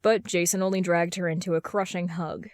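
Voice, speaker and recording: A woman narrates fan fiction as an amateur audiobook, keeping a steady storytelling pace. Her voice sits low, and the recording is dry and close. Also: a little fast, no room sound. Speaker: podfic reader. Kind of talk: reading fan fiction aloud.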